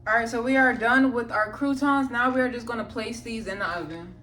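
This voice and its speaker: Young woman vlogger, joking and cussing as she cooks. Slightly high voice, recorded from a distance, with music in the background. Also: a little fast, fairly bright tone. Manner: chatty, profane, jokey self-narration. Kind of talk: casual cooking vlog. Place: home kitchen. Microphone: phone on a charger, away from the stove.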